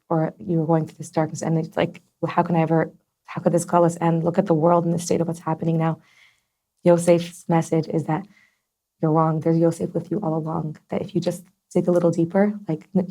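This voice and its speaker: A woman's voice: sits low, dark tone. A young adult woman as a podcast guest, talking in an earnest, heartfelt way with many fillers. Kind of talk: personal conversation.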